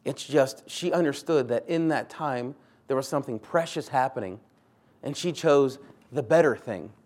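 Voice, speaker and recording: A male pastor gives a sermon in an earnest, conversational tone. He repeats short phrases for emphasis and speaks at a mid pitch. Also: normal speed, darkish tone.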